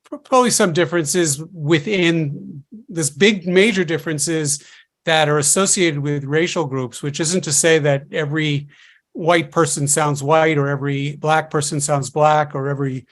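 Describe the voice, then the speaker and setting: A man speaking as a linguist guest on a webinar panel, explaining in a hesitant, halting way over a video call. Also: on the high side, fairly even intonation.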